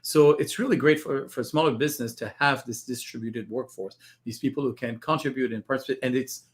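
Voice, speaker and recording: A man guest on an interview, explaining technology in a measured way and repeating words as he starts a thought. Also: medium pitch. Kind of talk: interview answers.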